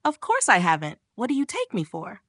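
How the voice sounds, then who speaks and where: A woman's voice: medium pitch, huge pitch swings, fairly quick, fairly bright tone, dry recording, clean studio sound. A woman voicing a bossy but shy young sister in a manga recap, with a snappy, flustered manner.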